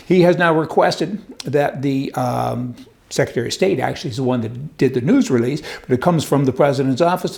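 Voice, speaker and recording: Gravelly, folksy man doing sarcastic commentary. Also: on the high side, darkish tone. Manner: folksy and sarcastic, with wisecracks and rhetorical questions. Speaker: host. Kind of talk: opinionated political commentary.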